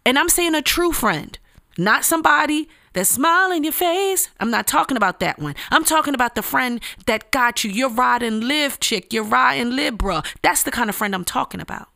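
A woman's voice: sits high, animated, moderate pace, gravelly, sharp tone, dry recording, studio quality. A woman giving a motivational devotional talk, earnest and emphatic, with casual slang and repeated phrases. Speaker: speaker giving a devotional message.

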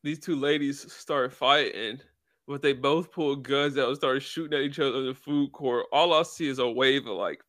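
Young man, podcast co-host, rambling storytelling, casual chat, mid-pitched voice. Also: moderate pace, fairly bright tone. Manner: rambling, filler-heavy storytelling.

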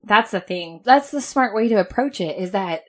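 Podcast co-host, woman in her thirties, animated storyteller, mid pitch, laughs often. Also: normal speed. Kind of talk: casual chat.

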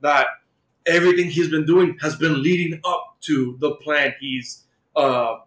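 Podcast co-host, male, higher-pitched, rambling casual retelling, roomy echo. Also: measured pace, a bit bright. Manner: rambling, many fillers like "like" and "uh". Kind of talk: casual chat retelling a comic plot.

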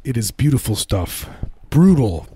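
A husky, mellow-voiced man rambles through silly riffs as a radio co-host. He talks low and laughs easily. The sound is close and dry. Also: sing-song, unhurried, dry recording. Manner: rambling, giggly absurd riffs. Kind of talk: joking casual banter.

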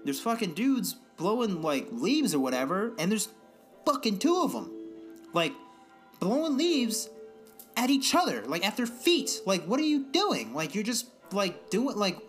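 A young man with a somewhat high voice talks in a loose, meandering way, cursing often and building into animated rants. It is an unscripted podcast chat with faint music underneath. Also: unhurried. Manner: rambling, profane, animated ranting. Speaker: podcast co-host. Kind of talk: casual chat.

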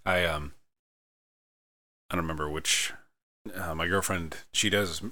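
A man's voice: low-pitched, steady tone, unhurried, sharp tone, no room sound, clean studio sound. A man chatting casually on a podcast, telling rambling stories full of fillers and humming snatches of jingles. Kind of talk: casual chat.

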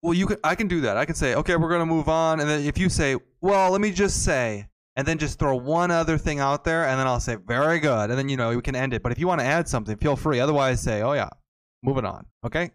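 A man's voice: a little high, rapid-fire, few pauses, clean tone. A man co-hosting a podcast in casual chat, joking and calling his partner "dude" and "bro". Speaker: podcast co-host.

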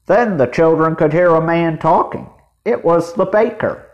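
A man narrates a children's storybook at a slow, deliberate pace. His voice sits somewhat high for a man, and the reading stays measured and steady. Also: lo-fi sound.

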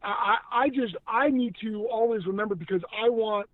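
High-voiced man on a tinny line. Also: moderate pace, no room sound. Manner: earnest, emphatic, many restarts. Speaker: guest, former actor now in news media. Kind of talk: casual conversation on faith. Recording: tinny phone-like line, dry.

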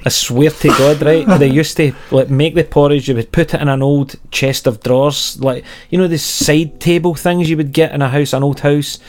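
A Scottish man co-hosting a podcast, chatting casually in an animated, teasing way with swearing. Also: a little high, normal speed, few pauses. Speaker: podcast co-host. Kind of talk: casual chat.

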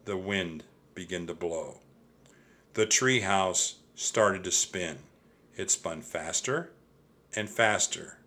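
A man reading a children's book aloud, expressive and speaking straight to young listeners. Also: deep voice, takes it slowly. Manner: expressive, addresses kids directly. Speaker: storyteller.

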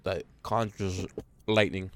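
A man's voice: low voice, steady tone, slow, a bit bright, no echo. A man co-hosting a podcast, explaining game details at length in a rambling way, with many restarts. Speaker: podcast co-host. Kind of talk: casual gaming chat.

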